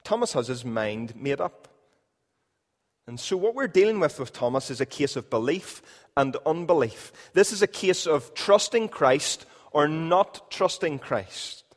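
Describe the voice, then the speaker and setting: A man preaching a sermon in a church, emphatic, repeating key phrases and swinging between loud and quiet. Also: fairly high pitch, big-room sound. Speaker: pastor.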